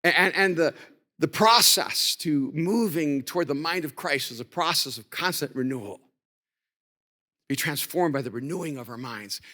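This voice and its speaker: Man, pastor, sermon, high-pitched, reverberant large hall. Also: animated, normal speed. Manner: storytelling, voice swings from quiet to shouting.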